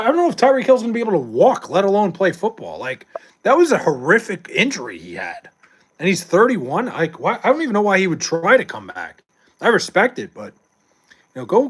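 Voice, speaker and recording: A man's voice: high voice, a bit bright, husky. A young adult man streaming live, chatting casually with viewers and reading chat, loose and profane with frequent laughs.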